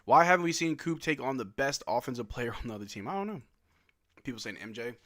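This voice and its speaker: A young man from Louisiana hosting a casual livestream, chatting and answering viewers' questions with quick laughs. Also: mid-range voice, expressive, sharp tone. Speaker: livestream host.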